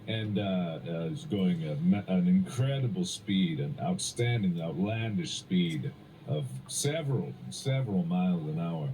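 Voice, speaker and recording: Guy with a lowish voice, super bouncy delivery, rambling comic storytelling, some hiss in the background. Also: animated, unhurried, warm tone, low-quality recording. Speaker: podcast co-host. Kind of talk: casual comedic chat.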